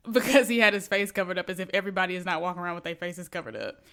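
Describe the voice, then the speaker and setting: A woman's voice: on the low side, steady tone, rapid-fire, pushed and bright, clear, resonant tone. A woman co-hosting a podcast, telling a story from work in a blunt, candid, casual way. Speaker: podcast co-host. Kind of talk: casual chat.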